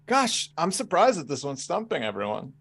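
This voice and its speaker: A man's voice: a little high, wildly swooping pitch, normal speed, fairly bright tone, dry recording. Teasing man co-hosting a podcast. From Boston area. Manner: teasing, reads out viewers' chat. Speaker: podcast co-host. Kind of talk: casual live-stream chat.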